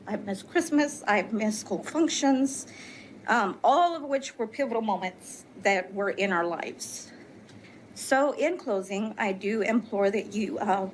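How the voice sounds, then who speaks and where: A woman's voice: medium pitch, a little hiss or hum, rough recording. Hesitant woman giving personal testimony. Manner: hesitant, with many fillers. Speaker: witness testifying at a legislative hearing. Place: legislative hearing room.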